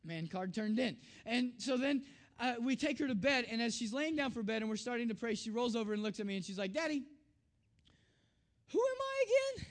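A man preaching in a storytelling style, acting out family dialogue with animated voices and dropping soft and low on tender, reflective lines. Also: fast talker. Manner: animated, acts out his daughter's lines in a raised voice. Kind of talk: storytelling sermon.

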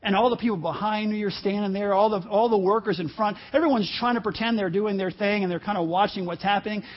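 High-voiced pastor telling a story. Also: male voice, lo-fi sound. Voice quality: halting, self-interrupting delivery with laughs. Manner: storytelling, swings from quiet asides to loud emphasis. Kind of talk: sermon with personal story.

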